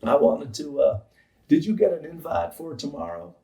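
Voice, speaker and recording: A man impersonating a former male president on the phone, in a deep, official, stentorian voice that keeps stammering nervously. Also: very animated, normal speed, creaky, mellow, roomy sound, distant mic, poor audio.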